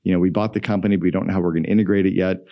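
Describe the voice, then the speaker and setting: Gravelly low-voiced middle-aged man. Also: rapid-fire, dull audio. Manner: energetic, emphatic storyteller. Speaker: guest entrepreneur. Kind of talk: podcast interview storytelling.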